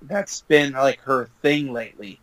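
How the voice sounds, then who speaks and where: A man's voice: mid-range voice, a little slow, dry recording, rough recording. A young adult man co-hosting a casual podcast, rambling with many fillers and laughing often. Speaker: podcast co-host.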